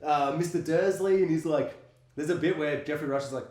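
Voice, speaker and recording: A man co-hosting a casual movie chat, animated and laughing often as he acts out scenes. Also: on the high side, fairly quick. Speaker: podcast co-host. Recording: roomy echo.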